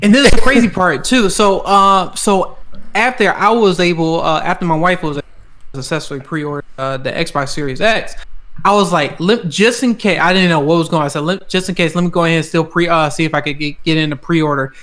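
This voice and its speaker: A man hosting a gaming podcast, telling stories in an excitable, casual way, swearing and laughing often. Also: on the high side, a little fast. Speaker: podcast host. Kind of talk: casual chat.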